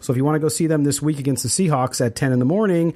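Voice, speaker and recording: A man's voice: a little high, a little mellow. Man hosting a casual sports podcast. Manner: conversational, quick sponsor reads with fillers. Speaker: podcast host.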